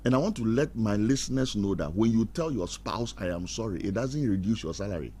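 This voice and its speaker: On what sounds like a radio talk show, a middle-aged man with a fairly low voice preaches marriage advice at a fairly quick pace. He gets animated, plays out arguments using put-on voices, and chuckles at his own jokes; faint noise hums in the background.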